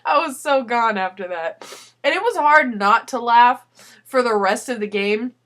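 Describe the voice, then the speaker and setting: A woman's voice: on the high side, expressive, measured pace, a bit bright. Giggly young woman telling a story. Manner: giggly storytelling, laughs often. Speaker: video letter vlogger. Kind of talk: casual personal video letter.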